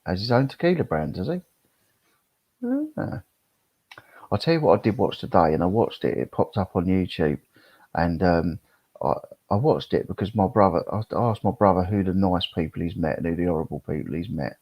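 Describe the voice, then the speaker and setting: A middle-aged man chats casually on a live stream, rambling and reading chat comments aloud. His low, gravelly, husky voice moves briskly. The recording is dry, dull and lo-fi.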